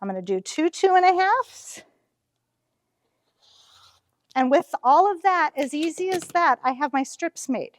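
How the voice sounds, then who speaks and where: A woman's voice: high voice, lively intonation, moderate pace, no echo, long reverb tail. A woman, demonstrating a quilting ruler at her shop in a friendly, chatty way with frequent fillers. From Nebraska, US. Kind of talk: casual how-to demonstration. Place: quilt shop cutting table.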